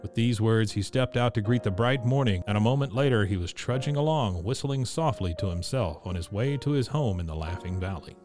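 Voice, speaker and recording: A man narrating a classic storybook in a steady, measured reading. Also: lowish voice, music in the background. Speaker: audiobook narrator.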